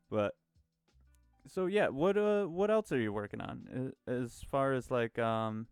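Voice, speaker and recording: A male podcast host with a smooth, animated voice asks questions in an easygoing way, often stumbling into them. Faint music plays in the background, and the room sounds dry. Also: mid-range voice, no room sound. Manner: easygoing questions, hesitant starts. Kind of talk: casual podcast interview.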